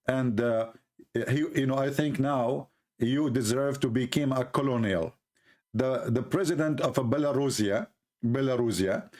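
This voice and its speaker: A man giving sarcastic commentary on a video clip, speaking halting English with repeated jabs. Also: medium pitch, darkish tone.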